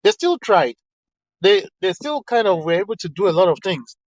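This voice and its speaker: A man's voice: high-pitched, very animated, moderate pace, no echo. A man in an online discussion room, earnestly quoting texts and arguing his point with frequent restarts. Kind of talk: casual argumentative talk quoting texts. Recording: slightly dull lo-fi online audio.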